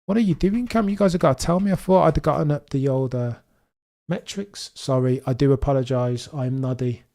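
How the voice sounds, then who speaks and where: A man from Birmingham with a mild Birmingham accent, hosting a live watchalong stream and chatting excitably with his viewers. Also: mid-range voice, a little fast. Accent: mild Birmingham English. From Birmingham, England. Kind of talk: live streaming commentary chat.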